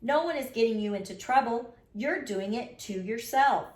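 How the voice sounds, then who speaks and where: A woman's voice: fairly high pitch, expressive, normal speed, a little mellow, voice pushed up, close to an everyday voice. A woman reading aloud, voicing a tired middle-aged father who lectures his son seriously. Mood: stern. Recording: roomy echo.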